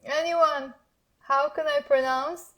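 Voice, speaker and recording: A Lebanese woman with a high voice teaches her dialect in a live online lesson. She coaxes her viewers to repeat after her and slows down to spell out each word. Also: fairly even intonation, fairly bright tone. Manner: encouraging, coaxing viewers to repeat aloud. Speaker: Arabic teacher.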